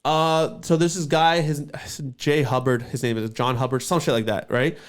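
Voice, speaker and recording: A man's voice: a little high, fairly even intonation, moderate pace, smooth. Casual man with lots of fillers. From Canada. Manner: loose, swearing, many fillers. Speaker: podcast host. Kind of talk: casual storytelling.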